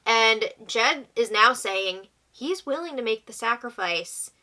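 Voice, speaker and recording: A young woman hosting a casual recap, talking quickly and reacting with exclamations as she quotes people. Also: a little high, animated, bright, forceful tone. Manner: chatty, exclaiming, quoting houseguests. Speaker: recap host. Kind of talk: casual reality-show recap.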